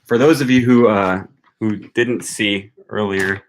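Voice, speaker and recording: Young Wisconsin-accented man, on the low side, chatty host musing aloud to viewers. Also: fairly even intonation, measured pace, a little hiss or hum. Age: young adult. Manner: rambling, thinks aloud with many ums and likes. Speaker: language-learning channel host. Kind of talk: casual livestream chat with viewers.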